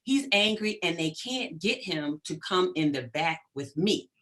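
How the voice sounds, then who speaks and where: A middle-aged woman, a psychologist guest in an interview, talking in an animated, emphatic way and checking in often with "right?". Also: lowish voice, unhurried. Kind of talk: conversational interview.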